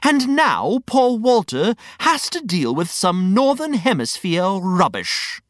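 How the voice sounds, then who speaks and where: A woman's voice: medium pitch, very animated, slow pace, dry recording, clean studio sound, voice pushed up. A woman voicing a pompous, grumpy older male know-it-all with a huffy manner. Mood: indignant.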